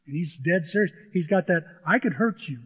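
A man's voice: a little high, animated, brisk, slightly rough. Earnest middle-aged man preaching, tinny sound. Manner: earnest, repetitive, emphatic preaching. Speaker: pastor. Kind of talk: sermon.

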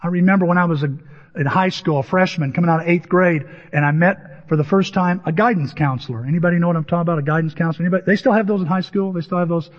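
A man's voice: high-pitched, rapid-fire. A man from Southern Illinois preaching a conversational storytelling sermon, asking his listeners questions. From Southern Illinois, USA. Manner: conversational, asks the audience questions. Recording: dull recording in a reverberant hall.

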